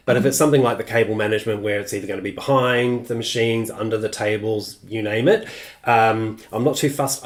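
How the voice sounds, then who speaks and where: A middle-aged man hosting a live-streamed craft tutorial, chatty and loose, with plenty of ums and uhs as he answers viewer comments. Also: medium pitch.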